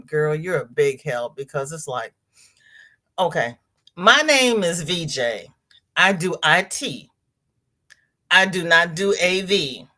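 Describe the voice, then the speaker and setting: A woman in her sixties hosting a casual crochet livestream, chatting warmly with viewers and greeting them by name as she reads the chat. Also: lowish voice. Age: 60s.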